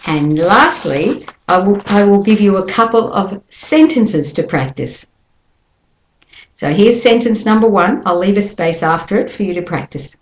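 A woman teaching English pronunciation, speaking carefully and modelling words slowly for listeners to copy. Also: fairly low pitch, roomy sound, poor audio. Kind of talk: slow instructional lesson with repeated examples.

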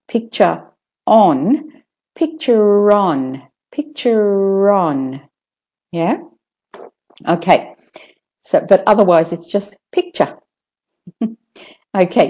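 A woman with an Australian accent teaching a pronunciation lesson, slowly modelling words again and again for learners to copy. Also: on the low side, dark tone. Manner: slow, deliberate, models words repeatedly for copying.

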